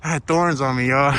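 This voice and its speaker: A man casually narrating his hike on a wooded marsh trail outdoors, playful and excitable, whooping and laughing as he walks. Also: mid-range voice. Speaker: vlogger narrating a hiking walk. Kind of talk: casual walk-and-talk narration.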